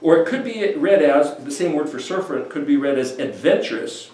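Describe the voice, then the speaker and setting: A man giving an informal, animated scripture teaching, acting out quoted voices as he goes. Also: fairly high pitch, moderate pace. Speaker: bible teacher. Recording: echoey room, voice from a distance.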